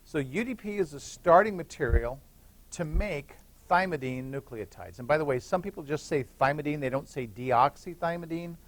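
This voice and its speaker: A man's voice: a little high, expressive, moderate pace. A middle-aged man giving a classroom lecture, explaining step by step, repeating key points and checking in with "okay?". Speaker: university biochemistry lecturer. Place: lecture hall.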